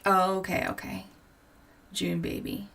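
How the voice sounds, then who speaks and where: A woman's voice: fairly low pitch, flat delivery, unhurried, vocal fry, fairly bright tone. A woman in her forties hosting a crafting livestream, chatting casually and giggling as she answers viewers' comments while she works. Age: 40s.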